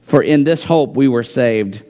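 A man's voice: mid-range voice, animated, a little slow, mellow, dull audio. A man preaching a sermon, reading scripture aloud and repeating phrases for emphasis in an earnest pulpit manner. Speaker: pastor.

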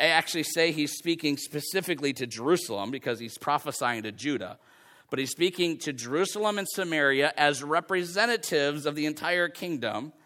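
Man, preacher, conversational sermon, slightly high voice, acts out quoted lines. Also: sharp tone.

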